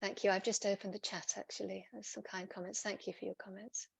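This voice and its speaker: A woman's voice: mid-range voice, little pitch movement, a little fast, gravelly, breathy edge, no room sound. A woman presenting on a video call, reading out audience questions and answering them patiently. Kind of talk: online webinar Q&A.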